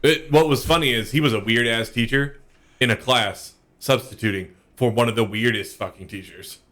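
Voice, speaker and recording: A man's voice: medium pitch, moderate pace, fairly bright tone. A young man co-hosting a podcast stream, bantering sarcastically with jokes and swearing. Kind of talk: casual chat.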